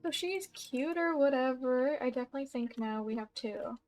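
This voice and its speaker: A woman's voice: high-pitched, moderate pace, a little mellow, soft background music. A young woman giving casual, chatty gameplay commentary at home, bubbly and giggly, trailing off mid-thought. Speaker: gaming YouTuber. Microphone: desk mic with audible keyboard.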